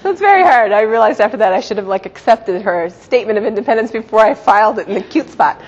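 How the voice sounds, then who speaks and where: A middle-aged woman giving a religious teaching talk to a group, telling stories warmly and laughing often. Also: on the high side, animated, fast talker, noisy background. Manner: warm, storytelling, laughs often. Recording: dull sound in a reverberant hall.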